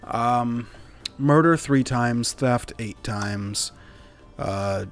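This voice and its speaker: A man narrates a tabletop game as game master, taking his time and pausing often. His delivery is laid-back and loose, full of fillers. Faint music plays behind him. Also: medium pitch.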